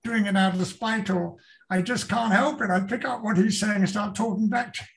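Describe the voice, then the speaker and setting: This is an older man with a British English accent, talking in a casual interview. His voice sits fairly high for a man and has a gravelly edge. He rambles, repeats words and restarts his sentences as he thinks aloud. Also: steady tone, normal speed. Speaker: author, guest.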